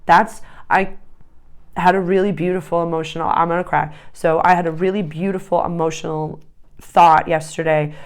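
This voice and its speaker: A woman with a somewhat low voice talks through astrology and tarot in a casual vlog. She is emphatic and enthusiastic, drifting into rambling asides as she goes. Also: level tone, normal speed. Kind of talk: casual spiritual vlog talk.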